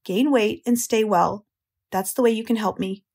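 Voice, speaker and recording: A wise female spider, calm and collected, as a woman narrator puts her on. She speaks in a measured, reassuring way, firm but kind. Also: mid-range voice, slightly rough. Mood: instructive.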